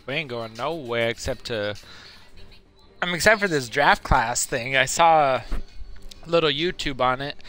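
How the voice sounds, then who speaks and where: A man streaming a football video game live, chatting casually in slang and breaking into high whoops. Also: measured pace, pauses often, soft background music. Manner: hyped, slangy, keeps asking "you know what I'm saying"; bursts into high whooping shouts. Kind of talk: casual live gameplay commentary.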